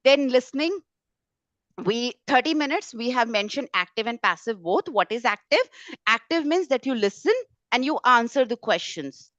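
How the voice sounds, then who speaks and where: A woman's voice: fairly high pitch, lively intonation, normal speed, fairly bright tone, no room sound. A woman hosting a webinar over a video call, encouraging and casual. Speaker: webinar host. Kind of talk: webinar presentation. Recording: dry, dull call audio.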